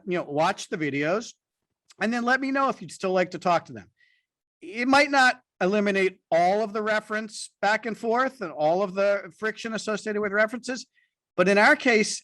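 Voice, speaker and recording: Higher-pitched man explaining, dry sound. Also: fairly bright tone, no echo. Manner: explanatory, conversational. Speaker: podcast co-host. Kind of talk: business podcast talk.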